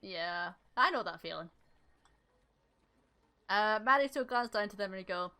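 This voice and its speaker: A woman's voice: medium pitch, expressive, unhurried, long pauses, sharp tone, clear, resonant tone. A woman playing in a tabletop game, chatting casually and hesitantly. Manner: giggly, hesitant. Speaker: player.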